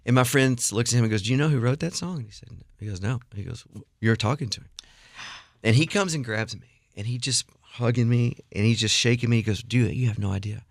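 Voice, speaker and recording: A middle-aged man telling a story in a radio studio interview, animated and acting out the people he quotes. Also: medium pitch, fast, dry recording. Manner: animated storyteller, acts out quotes, laughs often. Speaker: guest songwriter.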